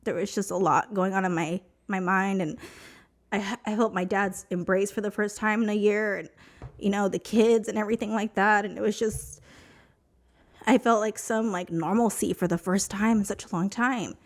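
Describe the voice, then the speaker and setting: A woman's voice: medium pitch, fairly even intonation, moderate pace. Emotional woman telling a personal story. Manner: emotional, chatty, heavy use of "like" and "you know". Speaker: podcast guest.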